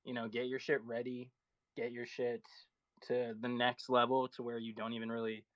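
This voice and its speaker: A man in a casual online chat, giving relaxed advice with some swearing. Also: mid-range voice, normal speed, no room sound, muffled recording. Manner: laid-back, advising, casual swearing.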